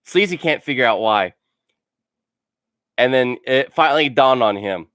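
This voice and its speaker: A man's voice: medium pitch, lively intonation, a little slow, a bit bright, no room sound, clean studio sound. A man telling funny stories for a casual vlog. He rambles and fills his sentences with "like", and laughs at his own stories. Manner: rambling, full of "like" fillers. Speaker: gaming channel host.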